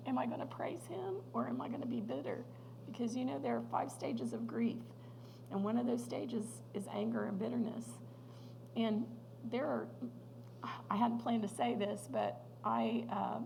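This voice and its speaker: A woman's voice: a little high, vocal fry, noisy background. A middle-aged woman giving an earnest, emotional personal testimony as guest speaker at a church women's luncheon. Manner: earnest, emotional storytelling with light laughs. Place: church hall.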